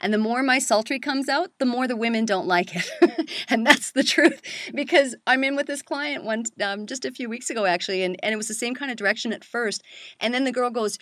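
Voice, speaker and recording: A middle-aged woman hosting a casual chat about voice-over work, animated and quick to laugh. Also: on the high side, no echo, studio quality. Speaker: voice-over coach and host.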